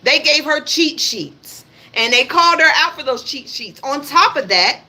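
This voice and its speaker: Brief: woman livestream host, high and bright, blunt and emphatic political rant, repeats herself, swears, speaks straight to viewers. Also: lively intonation, a little slow. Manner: addresses her audience directly. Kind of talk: live political commentary rant.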